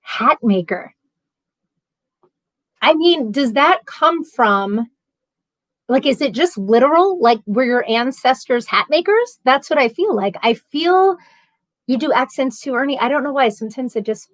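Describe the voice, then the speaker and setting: A woman's voice: fairly high pitch, no room sound. A woman with a New York accent chatting casually as a livestream host, reading chat messages aloud and rambling with frequent laughs.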